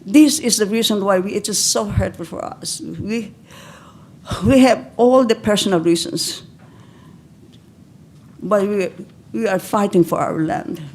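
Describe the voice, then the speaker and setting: This is an older woman from the Philippines making an emotional plea during public comment at a county board meeting, halting, restarting, and nearly crying. Her voice is mid-range and a little mellow.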